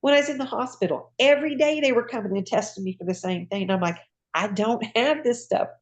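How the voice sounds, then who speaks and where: Older woman telling an animated story. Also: on the high side, racing. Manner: animated, acts out dialogue, laughs often. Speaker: retired nurse and patient. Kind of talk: casual storytelling in an interview.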